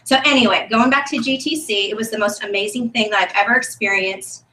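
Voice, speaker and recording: A woman giving an enthusiastic, emotional testimony speech at a sales meeting, chatty and animated. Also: mid-range voice, a little fast. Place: meeting room, on a stage. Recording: echoey room from a distant mic.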